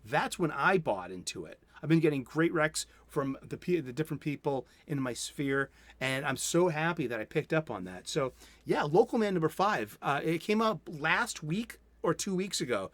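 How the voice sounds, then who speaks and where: A man's voice: fairly high pitch, lively intonation, normal speed, fairly bright tone, dry recording. A man, hosting a casual solo comics review stream and rambling enthusiastically with many self-interruptions. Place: home studio.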